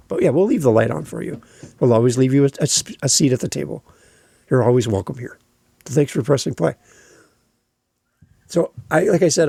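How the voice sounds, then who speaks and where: A man's voice: mid-range voice, vocal fry, mellow, dry recording. A man hosting his own podcast alone, talking emphatically and repeating phrases for stress. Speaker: podcast host. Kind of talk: solo podcast monologue.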